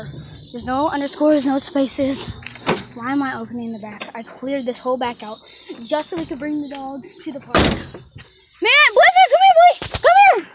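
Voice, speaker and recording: Very high-pitched girl yelling for her dogs. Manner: excitable, shouting for her dogs. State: out of breath. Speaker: vlogger. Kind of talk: casual dog vlog. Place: outdoors at a park. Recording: noisy outdoor phone recording.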